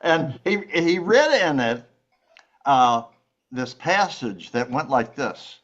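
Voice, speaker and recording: A man's voice: mid-range voice, very animated, takes it slowly, a bit bright, lo-fi sound. An older man, one of the show's regulars, telling jokes with lots of fillers and laughs. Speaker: comedy show host.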